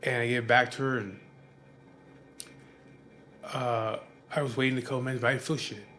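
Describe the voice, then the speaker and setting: A man's voice: mid-range voice, flat delivery, a little fast, bright, forceful tone, a little hiss or hum. A man casually telling a personal story in a rambling, profane way, with lots of fillers.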